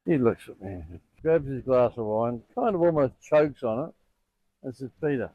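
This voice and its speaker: An older man who owns a sound healing center, telling animated stories in an interview. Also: mid-range voice, moderate pace, no room sound, phone-quality sound. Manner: animated anecdotes with quoted dialogue. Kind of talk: storytelling in an interview.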